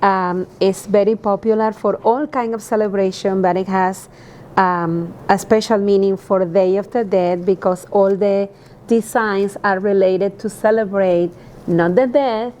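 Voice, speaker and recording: A woman's voice: mid-range voice, steady tone, a little slow, a little mellow. Earnest teacher woman. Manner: earnest, hesitant with fillers. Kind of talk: explaining to camera.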